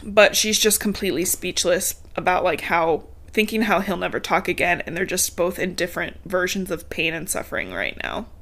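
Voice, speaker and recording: A woman's voice: lowish voice, lively intonation, moderate pace, hardly any pauses, fairly bright tone. A woman, chatting casually on a podcast as she recaps a book, laughing often and swearing freely. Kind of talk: casual chat.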